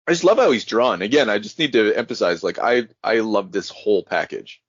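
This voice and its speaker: Husky male co-host, animated pitch, hesitant; dry, dull lo-fi audio. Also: a little fast, hardly any pauses, no room sound. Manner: rambling, hesitant, giggly. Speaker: podcast co-host. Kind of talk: casual chat.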